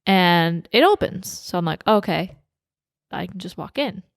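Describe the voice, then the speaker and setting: A woman's voice: lowish voice, lively intonation, a little slow, gravelly, no room sound, studio quality. A woman co-hosting a podcast, chatting casually and acting out both sides of the story she tells. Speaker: podcast co-host. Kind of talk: casual chat.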